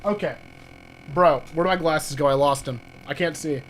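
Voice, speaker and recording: A young man chatting live on a game stream, excitable and swearing, laughing often and talking to his chat. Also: fairly high pitch, moderate pace, slight background noise.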